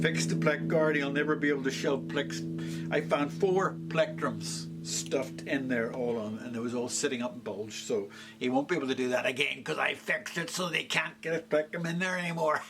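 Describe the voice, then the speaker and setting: A man working as a luthier, casually walking through a guitar repair in an easygoing, rambling way with frequent pauses. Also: medium pitch. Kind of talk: casual workshop walkthrough. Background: electric guitar playing.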